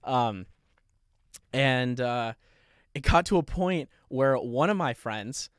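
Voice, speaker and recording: A man's voice: mid-range voice, takes it slowly, smooth, no room sound. Profane young man telling a story dry. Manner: profane, laughing often, animated retelling. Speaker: podcast host. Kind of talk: casual storytelling monologue.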